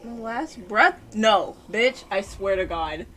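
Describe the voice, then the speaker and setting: A woman streaming a game, reacting emotionally with loud outbursts, laughter and swearing, talking to the game. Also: medium pitch, lively intonation, takes it slowly, faint music behind. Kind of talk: live gameplay reactions.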